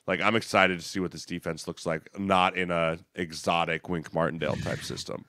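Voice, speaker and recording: A man's voice: low-pitched, flat delivery, bright, forceful tone, no room sound, clean studio sound. A man co-hosting a football podcast, talking through team moves in a chatty, analytical way. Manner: chatty and analytical, with quick asides. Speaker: podcast co-host, former NFL lineman. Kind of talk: casual podcast chat.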